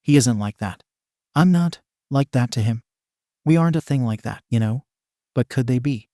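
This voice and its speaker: A man's voice: medium pitch, moderate pace, warm tone, no echo, clean studio sound, close to an everyday voice. A man voicing a laid-back teenage boy vigilante who talks casually and awkwardly, with some swearing.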